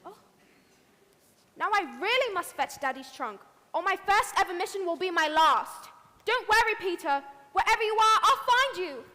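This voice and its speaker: A young woman actor on a school stage playing a plucky, proper girl on her first mission, speaking in a crisp, prim and upbeat way. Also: extremely high pitch, lively intonation, normal speed, sharp tone, heavily acted. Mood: determined. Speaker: student actor. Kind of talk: stage play monologue. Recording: stage voice in a reverberant hall.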